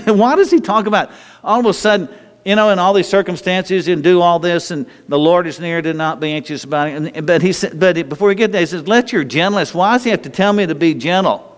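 A man's voice: high-pitched, brisk. Man preaching casually in a reverberant hall. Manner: conversational preaching with repeated restarts and chuckles. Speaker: pastor. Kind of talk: sermon.

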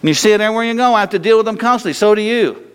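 A pastor preaches a sermon in a church sanctuary, folksy and humorous, with restarts and sudden bursts of emphasis. His voice is high and smooth, racing along, and the recording carries long hall reverb.

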